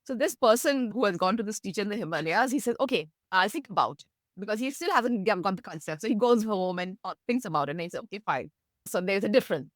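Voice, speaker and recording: A woman, a meditation teacher, explaining mindfulness through gentle stories in an interview. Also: quick pace, hardly any pauses, no room sound, clean studio sound. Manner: gentle storytelling, lively pitch, laughs softly.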